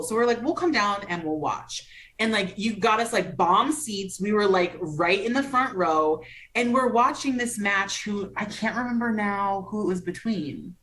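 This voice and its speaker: Animated woman guest telling stories. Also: mid-range voice, normal speed. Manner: animated storyteller, acts out quotes, many likes. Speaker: guest actress. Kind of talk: casual interview chat.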